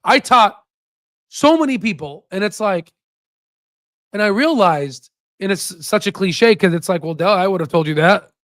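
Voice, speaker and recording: A man's voice: high-pitched, animated, normal speed, fairly bright tone, dry recording. A young man, the host of an investing channel, tells a candid personal story to camera. He is choked up and close to tears, and he rambles and halts with many restarts.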